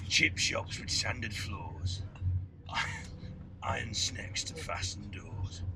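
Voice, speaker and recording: A man slowly reading a dialect poem, half whispered, on a tour bus. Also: on the low side. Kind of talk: reading dialect poetry in a Yorkshire accent. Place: inside a moving tour bus. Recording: noisy bus interior.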